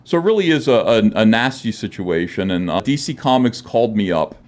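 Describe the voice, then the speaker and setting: Low-voiced man telling a story, halting. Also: sing-song. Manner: rambling, frequent "uh" fillers, acts out quoted dialogue. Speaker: guest comic artist. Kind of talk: podcast interview storytelling. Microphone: studio podcast microphone.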